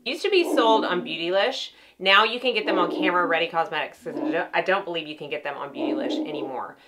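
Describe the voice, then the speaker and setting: A woman's voice: fairly low pitch, fast, noisy background. A middle-aged woman, a makeup artist chatting casually and enthusiastically about her palettes to the camera, often restarting her sentences.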